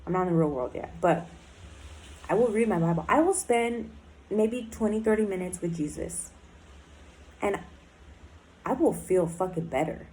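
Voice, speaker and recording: A woman's voice: fairly low pitch, animated, moderate pace, long pauses, a little mellow, low-quality recording. A woman in a recovery program speaking in a candid personal diary talk, blunt and emotional, swearing often and filling her speech with "like" and "um".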